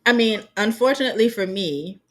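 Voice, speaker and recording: A woman's voice: mid-range voice, expressive, fairly quick, fairly bright tone. A young woman co-hosting a podcast in casual chat, blunt and teasing, cursing casually. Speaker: podcast co-host.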